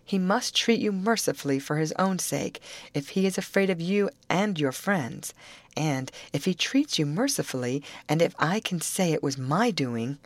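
A woman's voice: sits low, animated, moderate pace, no echo. A woman voicing a frail, frightened young woman who speaks in a vacant, sorrowful, pleading way. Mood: musing.

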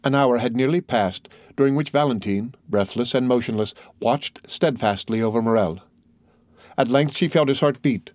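A man narrating a classic novel as an audiobook in a steady, formal reading manner. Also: medium pitch, moderate pace, dry recording.

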